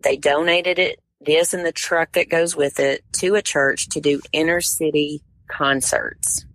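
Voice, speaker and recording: Low, gravelly-voiced woman telling a story. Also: unhurried, no room sound. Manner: animated storyteller, acts out what others said. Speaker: tournament director, podcast guest. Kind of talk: storytelling in casual conversation.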